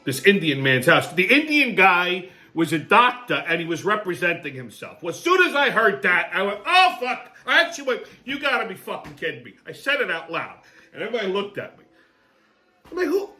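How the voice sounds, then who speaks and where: A man hosting his own show, telling a story as a comedic monologue, profane and sarcastic, swinging between low muttering and excited outbursts. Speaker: host.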